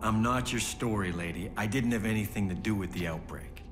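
An actor playing a gruff, defensive father accused of a crime, talking curtly in a game cutscene with music behind. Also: on the low side, fairly quick, lightly acted. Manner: curt, defensive. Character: gruff male hero, accused dad, defiant.

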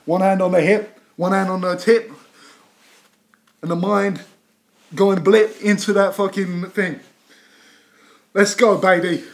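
A man's voice: high-pitched, fairly even intonation, slow, pauses often. A man doing a brash London wannabe rapper. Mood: boastful. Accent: put-on London. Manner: swaggering, crude, rambling boasts with sudden shouts. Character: brash boastful male London wannabe rapper, young adult. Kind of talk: improvised comedy character rant.

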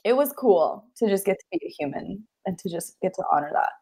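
A woman's voice: medium pitch, animated, a little fast, warm tone, slightly rough. A young adult woman, a therapist, talking in an earnest, heartfelt and reflective way during an interview. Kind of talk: interview conversation.

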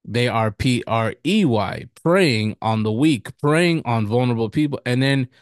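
A male pastor telling a personal story in a sermon, animated, laughing often and acting out the quotes with sudden high bursts. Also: a little slow, no room sound, studio quality.

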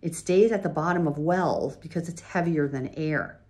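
A woman reading a children's chapter book aloud, gently pausing to show pictures. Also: low voice. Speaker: reader.

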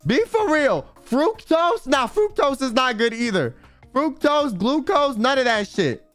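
A man's voice: very high-pitched, sing-song, a little slow, fairly bright tone, no echo. A young man streaming, telling a rambling, slangy story in casual chat. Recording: faint music behind.

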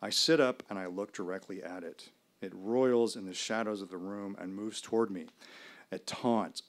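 A man performing a first-person story live on stage, in a measured, dramatic delivery with pauses. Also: on the low side. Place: small live venue.

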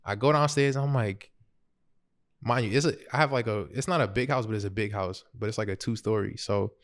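A man's voice: fairly low pitch, brisk. Young New man telling a story. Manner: laughs through his story, animated, quotes himself. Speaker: podcast host. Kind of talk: casual storytelling chat.

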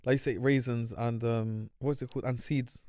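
A man's voice: mid-range voice, steady tone, brisk, darkish tone, dry recording, clean studio sound. A young man co-hosting a podcast, telling goofy, rambling stories. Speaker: podcast co-host. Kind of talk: casual chat.

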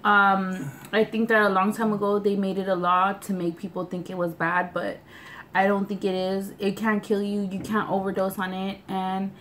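Woman vlog host, easygoing chat, mid pitch, faint background hiss. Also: little pitch movement, normal speed, fairly bright tone. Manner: easygoing, laughs often. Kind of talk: casual chat. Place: indoors at a table, eating.

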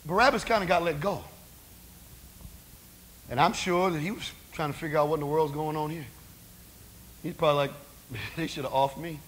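A man's voice: on the high side, fairly even intonation, fairly quick, long pauses, a bit bright. A male preacher giving a conversational sermon, asking rhetorical questions of the congregation.

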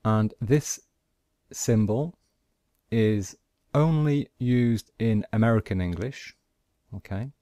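A man teaching a pronunciation lesson over a screen recording, explaining slowly and step by step. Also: lowish voice, warm tone, no echo, studio quality. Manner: slow, deliberate, explaining step by step. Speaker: language teacher.

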